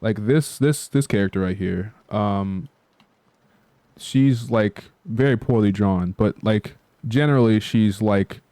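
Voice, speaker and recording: A man with a fairly low, smooth voice rambles through a casual chat and leans on fillers. He swears offhandedly. The sound is dry and close. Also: slow pace, mellow, no echo. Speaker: channel host.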